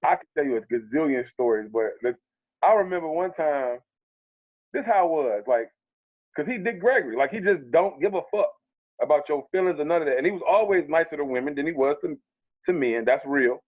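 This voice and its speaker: Animated man on a tinny line. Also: on the high side, a little fast. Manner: animated, profane storyteller acting out quotes. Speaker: comedian guest. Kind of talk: casual storytelling interview. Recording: tinny phone-like sound.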